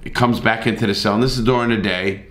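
A man's voice: on the low side, fairly even intonation, fast talker, fairly bright tone, reverberant. A middle-aged man telling a story in a blunt, profane, casual way, with repeated starts.

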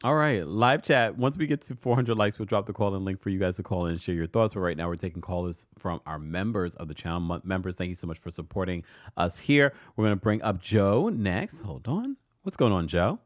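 A man hosting a live call-in stream, easygoing and quick to laugh as he brings callers on. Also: deep voice, expressive, dry recording, clean studio sound. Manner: easygoing, laughs often, brief back-channel replies. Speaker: live show host.

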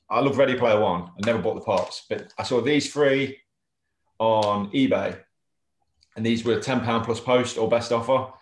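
A man's voice: lowish voice, echoey room. An English man co-hosting a casual chat, talking readily with frequent restarts and easy laughs. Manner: chatty, laughs easily, restarts often. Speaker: co-host of a collectors' chat show. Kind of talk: casual video-call chat.

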